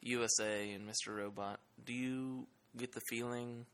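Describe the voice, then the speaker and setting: A man's voice: medium pitch, steady tone, normal speed, a bit bright. A man co-hosting a casual TV podcast who jokes and teases his co-hosts. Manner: joking, teasing. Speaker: podcast co-host. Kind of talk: casual TV discussion.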